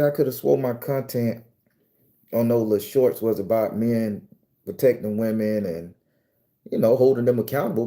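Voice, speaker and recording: A man's voice: a little high, vocal fry, mellow. A man streaming live, telling a story in loose, profane casual talk, sweaty after a workout. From United States. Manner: loose and profane, laughs often, talks to chat by name. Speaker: vlogger.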